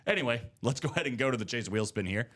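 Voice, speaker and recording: A man's voice: medium pitch, animated, very fast, a bit bright. A man hosting a live card break stream, chatting casually and joking in rambling banter.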